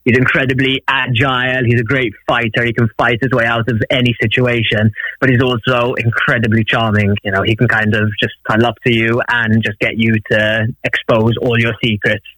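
A man's voice: medium pitch, little pitch movement, a little fast, bright, forceful tone, no echo, low-quality recording. A man from Malta with a slightly Welsh-sounding British accent, an actor chatting as a guest in a phone interview, with frequent ums and easy laughs. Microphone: phone line.

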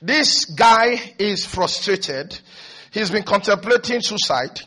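A man preaching a sermon in an animated way, swinging from low, quiet asides to high, shouted mimicry. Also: slow pace.

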